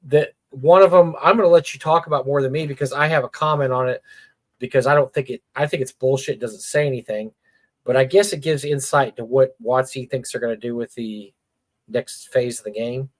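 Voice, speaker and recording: A man's voice: medium pitch, a little fast, no room sound. A middle-aged man co-hosting a casual gaming livestream, blunt and opinionated, often repeating words as he talks. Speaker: podcast co-host.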